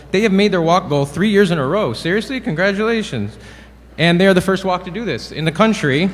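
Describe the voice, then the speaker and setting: Man, award presenter, playful deadpan jokes, slightly high voice, faint room noise. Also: in a large hall. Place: event hall.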